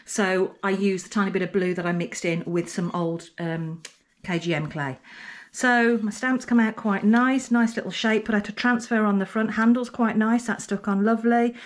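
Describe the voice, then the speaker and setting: A woman's voice: medium pitch, steady tone, normal speed. A middle-aged woman potter chatting casually to camera in her pottery studio, talking herself through her work. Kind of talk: casual vlog narration.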